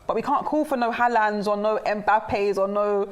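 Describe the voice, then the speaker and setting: A woman's voice: medium pitch, steady tone, normal speed, lo-fi sound. A woman co-hosting a fan talk show, chatting casually, laughing often and reading out viewer comments. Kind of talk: casual chat.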